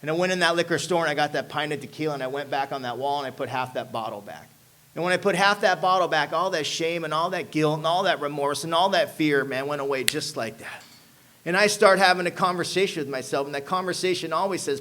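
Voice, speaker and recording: A man's voice: fairly high pitch, brisk, fairly bright tone. A man giving a personal testimony talk to an audience. He tells his recovery story emphatically and keeps dropping "man" and "you know what I'm saying". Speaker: speaker sharing a recovery story.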